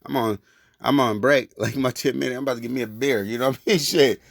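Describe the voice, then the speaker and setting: A man spins a casual personal story in loose, rambling street talk full of cursing. His voice sits at an ordinary middle pitch. The sound is dry and close, with no room echo. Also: quick pace, gravelly. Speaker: vlogger telling a personal story.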